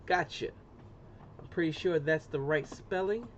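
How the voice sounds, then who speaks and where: A middle-aged man chatting casually on a live stream as he demonstrates an engraving job, slangy and talkative, often saying "boom". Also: measured pace. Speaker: livestreamer doing laser engraving. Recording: muffled lo-fi sound with faint room noise.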